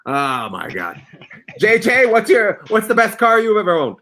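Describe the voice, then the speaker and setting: A man hosting a casual comedy chat over a video call, loud and playful, swearing and swinging his voice up and down. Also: high voice, wildly swooping pitch, unhurried, a little hiss or hum. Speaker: show host.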